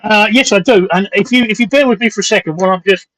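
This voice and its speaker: A man hosting a live stream in casual chat, rambling and hesitant, reading aloud with many pauses. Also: high voice, a bit bright, poor audio. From London.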